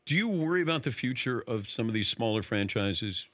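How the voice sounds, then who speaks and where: A man hosts a casual interview, firing off chatty, prodding questions. His pitch moves a lot as he talks, and he laughs easily. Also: expressive, brisk, a bit bright. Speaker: interview host.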